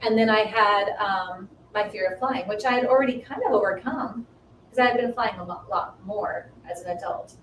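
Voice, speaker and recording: A woman in her fifties tells a personal story in relaxed conversation, mid-range in pitch. She brings the story to life by acting out the voices in it. The sound is roomy and a little distant, with a faint hiss behind her. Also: moderate pace. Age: 50s. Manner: animated, acts out quoted dialogue with rising pitch. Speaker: guest. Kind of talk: storytelling in casual chat. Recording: echoey room, mic at a distance, faint noise.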